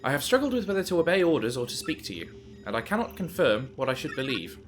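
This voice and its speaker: A man voicing a calm, earnest male computer AI of an enemy base, speaking in a formal, measured, subdued way. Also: on the high side, noisy background. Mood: solemn.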